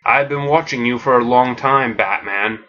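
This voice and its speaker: A man voicing a sinister, mocking villain, speaking slowly and tauntingly in a lo-fi recording. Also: mid-range voice, pushed and bright, natural voice. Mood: gloating. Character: sinister bandaged male villain, calm and mocking.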